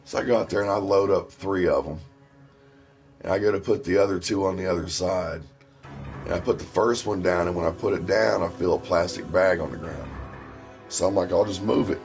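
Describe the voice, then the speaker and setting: Very deep-voiced profane man from Ohio. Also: brisk, creaky, a little mellow, faint music behind. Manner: profane, rambling anecdotes. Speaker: stream host. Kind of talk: casual storytelling.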